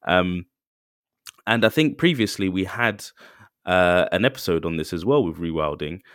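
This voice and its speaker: A man's voice: sits low, lively intonation, moderate pace, a bit bright, no echo, studio quality. A man co-hosting a podcast in casual chat, rambling with many restarts and acting out little quotes. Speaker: podcast co-host.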